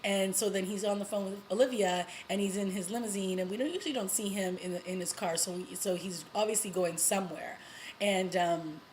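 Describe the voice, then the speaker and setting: A woman talks through a TV episode like she's catching up with a friend. She is chatty and eager, full of fillers and quick laughs, at an ordinary middle pitch. A faint hiss sits under her voice. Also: low-quality recording. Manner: chatty and excited, full of you-knows and little laughs. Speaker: TV review vlogger. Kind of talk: casual episode recap.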